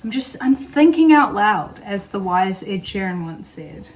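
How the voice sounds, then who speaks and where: A woman's voice: mid-range voice, sing-song, unhurried, rough recording. A woman, chatting casually to camera in a rambling vlog. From New Zealand. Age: late 20s. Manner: rambling, chatty, with frequent fillers. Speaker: vlogger.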